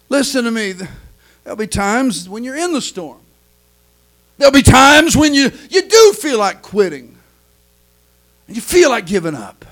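A man's voice: very high-pitched, fairly bright tone, poor audio. A man pastor preaching a sermon, with a chanting cadence and frequent "uh" fillers.

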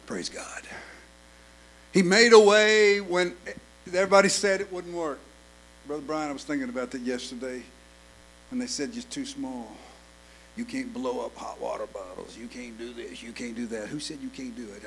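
A man preaching a sermon, repeating phrases and building to loud, emphatic calls with frequent "uh" fillers. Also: medium pitch, vocal fry, a little hiss or hum.

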